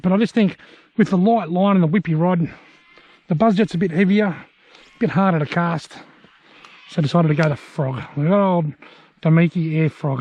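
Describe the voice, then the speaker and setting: Chatty Australian man with a high voice. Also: a little mellow, breathy edge, no room sound. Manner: joking, chatty, tells gags between bites. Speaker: fishing vlogger. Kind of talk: casual outdoor commentary to camera. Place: riverbank outdoors in the evening.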